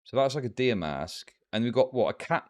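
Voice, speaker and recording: A man's voice: mid-range voice, expressive, fairly quick, darkish tone. A man streaming live commentary, ranting at his chat in heated, profane bursts. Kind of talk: livestream commentary.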